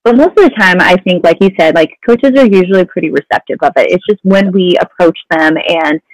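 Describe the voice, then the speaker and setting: A woman's voice: on the low side, a little fast, no room sound, rough recording. A woman counselor talking casually as a podcast guest, often saying "you know". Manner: conversational, many "you know" fillers. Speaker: mental health counselor guest.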